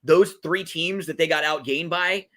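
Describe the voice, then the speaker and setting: Bright-voiced man talking betting picks. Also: fairly high pitch, unhurried. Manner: chatty, many fillers and restarts. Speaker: podcast co-host. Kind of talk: casual betting talk. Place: podcast setup.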